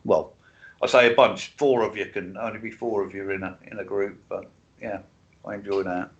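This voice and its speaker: A man's voice: fairly low pitch, fairly even intonation, normal speed, muffled recording. A man co-hosting a live stream, chatting in a laid-back way with casual swearing and hesitant starts. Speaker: co-host of a live stream chat show.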